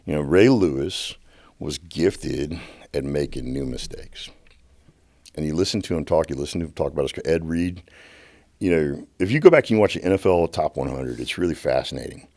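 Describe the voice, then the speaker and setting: A middle-aged man, a podcast guest telling stories with animated energy and many restarts. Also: extremely low pitch, moderate pace, no echo. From United States. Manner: animated, repeats words and restarts sentences. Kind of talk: passionate storytelling. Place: podcast studio.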